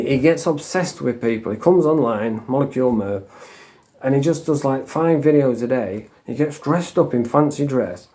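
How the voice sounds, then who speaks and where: A man's voice: medium pitch, warm tone. A man ranting in a crude, mocking vlog, laughing at his own jokes. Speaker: online commentator.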